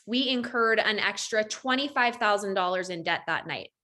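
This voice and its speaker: A woman's voice: mid-range voice, lively intonation, moderate pace, pushed and bright. A woman coach telling a personal story to a group over a video call, acting out quoted lines with lots of animation. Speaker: network marketing coach.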